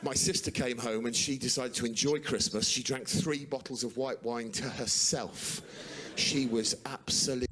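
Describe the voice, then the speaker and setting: A man, performing a stand-up routine with shouted outbursts. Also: medium pitch, fairly even intonation, normal speed. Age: 40s. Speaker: stand-up comedian.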